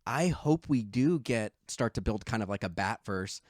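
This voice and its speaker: Male podcast co-host, low voice, casual and excited, dry close mic. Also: normal speed, no room sound. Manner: enthusiastic, swears casually, acts out quotes. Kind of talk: casual film discussion.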